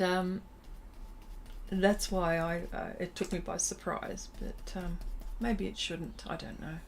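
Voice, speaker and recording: A middle-aged woman chats at an easy, unhurried pace on a drawing livestream. Her voice sits at an ordinary pitch, and she reads out viewer comments with a chatty, self-deprecating warmth. A faint hiss runs underneath her. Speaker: art livestream host. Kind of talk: casual chat while drawing.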